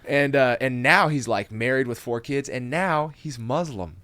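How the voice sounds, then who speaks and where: A man, a comedian guest on a podcast, telling profane stories in a casual, animated way and laughing often. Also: mid-range voice, normal speed. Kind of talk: casual storytelling chat.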